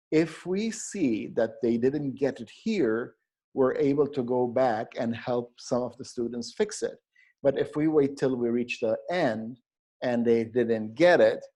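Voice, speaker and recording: Slow, mellow-voiced man explaining grammar. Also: mid-range voice. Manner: slow, explanatory, with frequent fillers and restarts. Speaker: teacher trainer. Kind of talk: narrated teaching video for teachers.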